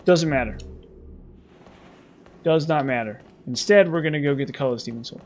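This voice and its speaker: A man's voice: fairly high pitch, brisk, a little hiss or hum. Sarcastic rambling male gamer. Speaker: gameplay commentator. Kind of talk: casual game commentary.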